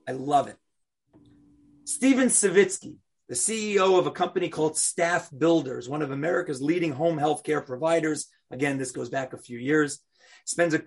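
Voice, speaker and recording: A man leads a Torah lesson, putting questions to his students and telling a story in an animated, expressive way. His voice is fairly high for a man and has a husky, slightly breathy texture. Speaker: Torah teacher.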